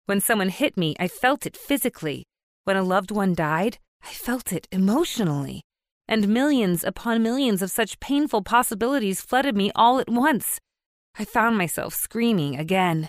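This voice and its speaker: A woman's voice: medium pitch, animated, normal speed. A woman narrating an audiobook in the first person with emotive, intense storytelling, recorded on a close studio mic. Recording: dry, no room echo.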